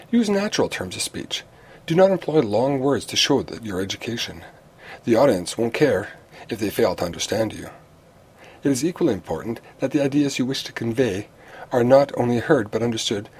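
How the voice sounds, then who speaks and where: Guy reading out tips on giving speeches, kinda husky, steady and teacher-like, trips over a word now and then. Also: mid-range voice. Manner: measured, instructive delivery with small restarts. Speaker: speaker giving advice on public speaking. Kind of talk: reading a prepared talk.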